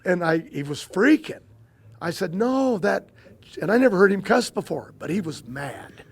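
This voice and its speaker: An older man, a guest in an interview, telling long family stories in a rambling, halting way with many restarts and fillers. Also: high-pitched, animated, creaky. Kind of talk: casual storytelling interview.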